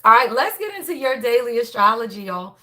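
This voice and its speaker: A woman hosting a casual spiritual reading livestream, talking to viewers in an animated, chatty way with a tired, strained voice. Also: a little high, brisk. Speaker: spiritual reader and channel host.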